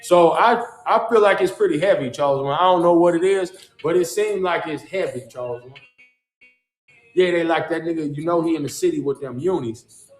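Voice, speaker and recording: Livestream host, man, fairly high voice, loose rambling street-slang delivery, echoey room on a phone mic. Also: fairly quick, faint music behind. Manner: rambling, repeats "Charles" and "chosen one" as a refrain; profane, slangy street talk. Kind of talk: casual livestream monologue.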